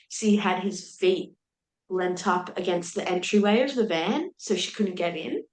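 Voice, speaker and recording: A woman's voice: medium pitch, normal speed. A young woman tells a story with a lot of energy, slipping into the voices of the people in it. Her voice sits in a middle range. The room around her rings with a noticeable echo. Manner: animated retelling with laughs and quoted speech. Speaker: podcast guest. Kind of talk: candid storytelling in conversation. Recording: roomy echo.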